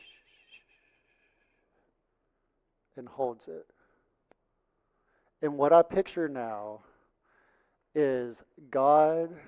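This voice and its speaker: A man preaching a sermon and reading Scripture, emphatic, swinging from loud passages to hushed ones. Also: fairly high pitch, clear, resonant tone. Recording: dull lo-fi sound with long hall reverb.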